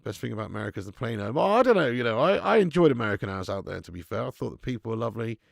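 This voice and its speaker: A young man running a live football watch-along, swearing and chatting with viewers between bursts of excited commentary. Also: medium pitch, very fast, creaky, dry recording, studio quality. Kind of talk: live match commentary and casual chat.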